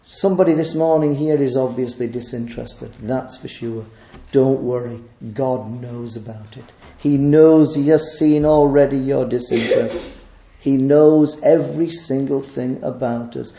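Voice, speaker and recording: A man preaching a sermon in an earnest way, asking rhetorical questions and moving between loud and hushed delivery. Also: mid-range voice, measured pace, gravelly, reverberant.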